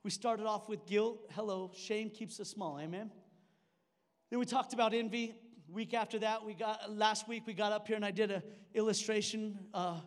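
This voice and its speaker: High-voiced young man preaching in a reverberant hall. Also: fairly even intonation, moderate pace. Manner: conversational, joking, with laughs and repeated restarts. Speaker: pastor. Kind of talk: sermon. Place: church sanctuary.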